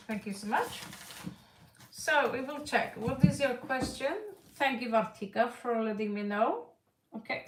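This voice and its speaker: Woman tarot streamer, light mixed British-Russian accent, halting speech, slightly high voice, echoey room, set back from the mic. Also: a bit bright, far from the mic. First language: not English. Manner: hesitant, many fillers and restarts. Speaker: tarot reader. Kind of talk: live stream reading with chat.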